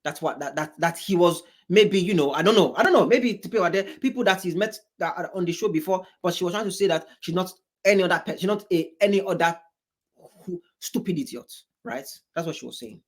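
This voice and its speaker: A high-pitched man from Africa reacts to a debate show, talking a little fast. His commentary is casual and rambling, full of repetition and exasperated asides.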